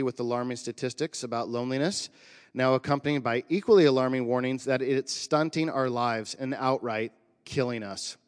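Conversational pastor in a reverberant hall. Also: male voice, mid-range voice, clean tone. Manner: conversational, animated storytelling. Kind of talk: sermon.

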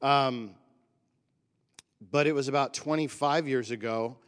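A man's voice: mid-range voice, a little slow, a bit bright, clear, resonant tone. Man preaching in a reverberant hall. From Northern California. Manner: conversational, emotional storytelling with surfer slang. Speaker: pastor. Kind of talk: personal sermon story. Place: church.

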